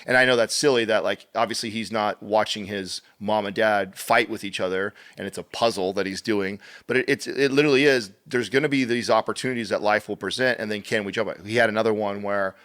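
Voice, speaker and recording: A man's voice: lowish voice, fairly quick, hardly any pauses. A man in his thirties, a podcast guest, telling stories in a casual interview and acting out what people said, with casual swearing. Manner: animated storyteller, acts out quotes, swears casually.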